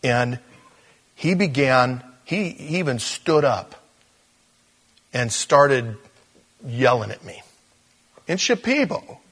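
A male pastor telling a story in a sermon, animated, with stumbles and restarts. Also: mid-range voice, slow pace, pauses often, husky.

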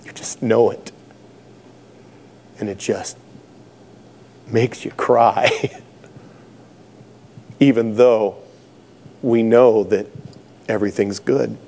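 A man's voice: fairly low pitch, fairly even intonation, drawn-out words, gravelly, long pauses, mellow, slight background noise. A middle-aged man preaching a sermon, telling stories with humor and laughing at his own jokes. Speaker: pastor.

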